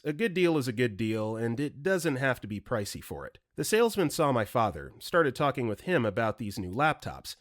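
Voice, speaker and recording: A man reading viewer stories aloud in a scripted, expressive narration. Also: mid-range voice, dry recording, clean studio sound. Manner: lively, expressive reading with acted quotes. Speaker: story narrator.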